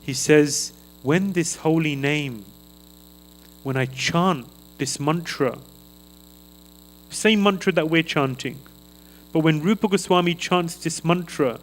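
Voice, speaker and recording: Man, devotional sermon, slow and earnest, slightly high voice, faint hum behind. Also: rough recording. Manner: slow and earnest, chants the mantra aloud. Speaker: guest speaker at a temple feast. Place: temple hall.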